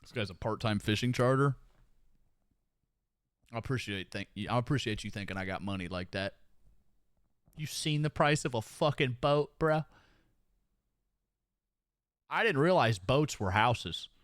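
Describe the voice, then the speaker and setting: A man's voice: medium pitch, measured pace, long pauses, a bit bright, dry recording, clean studio sound. A man with a Southern US twang chatting casually with his stream viewers, swearing and laughing often.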